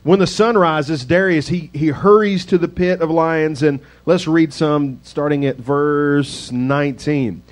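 A man's voice: on the high side, unhurried, few pauses. A male pastor giving a casual, conversational sermon with rambling, self-deprecating asides.

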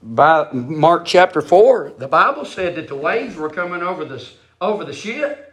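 A man preaching a sermon. His voice sits high and climbs as he presses the same lines over and over. He is emphatic and insistent throughout. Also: sing-song, normal speed, a bit bright. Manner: emphatic, repetitive preaching with rising intensity.

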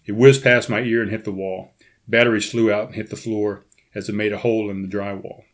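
Brief: male podcast host reading his memoir, dramatic, animated, with dropped-voice asides. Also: brisk. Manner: animated, pitch jumps up in quoted dialogue, quiet asides.

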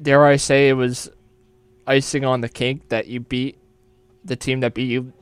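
A young man co-hosting a college radio sports show, chatting excitedly and often restarting his phrases. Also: mid-range voice, unhurried, smooth, no echo. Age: young adult. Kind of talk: casual sports chat.

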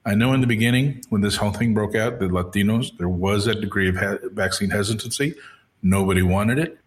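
A man's voice: lowish voice, a little fast. A man hosting an interview, chatty and joking with his guests. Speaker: interview host. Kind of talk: podcast interview.

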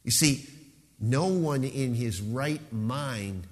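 A man's voice: mid-range voice, drawn-out words. Male pastor, emphatic preacher leaning on key words, recorded in a church hall with a long echo. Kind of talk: sermon.

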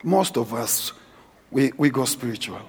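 A middle-aged man preaching a sermon as guest preacher in a large church hall, swinging from quiet asides to shouted exhortation. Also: measured pace, a little hiss or hum. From South Africa. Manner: animated, shifts from low asides to shouted exhortation. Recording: husky voice with long church-hall reverb.

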